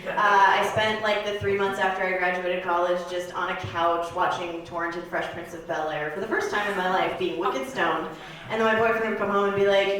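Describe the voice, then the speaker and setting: Deadpan 30yo woman doing stand-up, rambly with lots of um and like, sounds far from the mic in a super echoey club. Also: mid-range voice, normal speed, few pauses. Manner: deadpan, rambling confessional delivery with filler words. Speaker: stand-up comedian. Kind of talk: stand-up comedy set. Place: comedy club stage.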